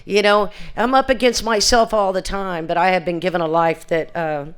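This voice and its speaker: An older woman tells her recovery story at an alumni reunion. Her voice is smooth and clear, and she speaks in earnest, plain words. She often circles back and restarts her sentences and acts out the conversations she recalls. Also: on the low side, fairly even intonation, normal speed. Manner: earnest, plain-spoken, with frequent restarts and quoted exchanges. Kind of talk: personal testimony at a recovery reunion.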